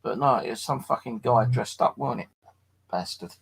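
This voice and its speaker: A tired man streaming late at night from his flat, telling a rambling, sweary story and chatting to viewers. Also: medium pitch, moderate pace, vocal fry, husky, rough recording. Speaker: paranormal live streamer. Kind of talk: casual late-night live stream chat.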